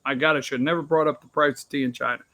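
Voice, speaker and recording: A man's voice: mid-range voice, steady tone, racing, sharp tone. A man hosting a political opinion show, talking straight to viewers in a rambling, sarcastic way. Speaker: political talk show host. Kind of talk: opinionated commentary.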